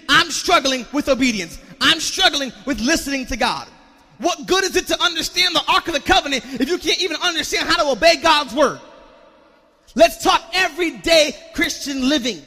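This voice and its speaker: A man preaching a sermon as a pastor, asking the congregation questions, repeating words and rising to shouts. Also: very high voice, long reverb tail. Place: church sanctuary.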